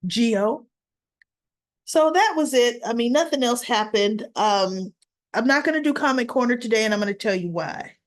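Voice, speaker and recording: A woman's voice: fairly high pitch, lively intonation, moderate pace. A woman reviewing a soap opera episode in a casual recap, telling it in a chatty, rambling way with asides.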